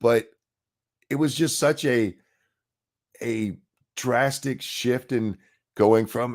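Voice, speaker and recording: A man hosts a political commentary rant over video clips, sarcastic and profane, mocking people by mimicking them. His mid-range voice takes things slowly, with long pauses.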